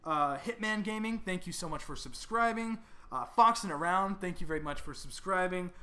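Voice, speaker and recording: A man's voice: high voice, normal speed, sharp tone. A young man, a YouTuber, reading out and thanking his subscribers in a casual vlog, stumbling over names and apologizing.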